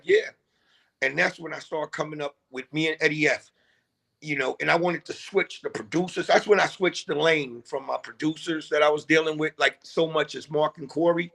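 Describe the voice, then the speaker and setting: A man's voice: on the high side, moderate pace, creaky, a bit bright. A man who is a guest rapper, telling his story in an interview in a reflective, laid-back way. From New York.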